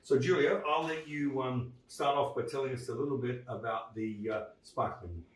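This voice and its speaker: A man's voice: mid-range voice, normal speed, a little hiss or hum. A man presenting a casual wine vlog, chatty and upbeat with lots of fillers. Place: wine store, indoors. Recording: very echoey store, mic far off.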